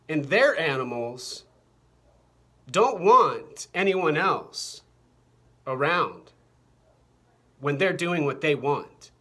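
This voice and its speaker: A man's voice: a little high, sharp tone. A man delivering a rambling, profane, agitated monologue to his camera, repeating phrases over and over. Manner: agitated, repetitive, profane rant. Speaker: vlogger. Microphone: camera mic.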